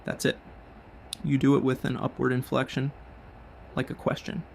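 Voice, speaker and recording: A man's voice: medium pitch, monotone, moderate pace, gravelly, darkish tone, a little hiss or hum. A man hosting a show, delivering a scripted business monologue in blunt, punchy short sentences. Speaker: show host.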